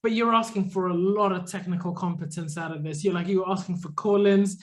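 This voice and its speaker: A man with a high voice co-hosts a casual podcast chat. He talks in a dry, teasing way, with easy fillers. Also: fairly even intonation, fairly quick. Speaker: podcast co-host.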